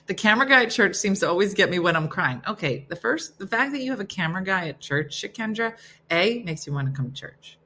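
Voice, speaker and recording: A woman's voice: mid-range voice, lively intonation, fast, pushed and bright, slightly rough. A woman hosting a casual livestream, chatting and reading viewer comments aloud, chatty and self-deprecating with frequent laughs. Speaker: livestream host.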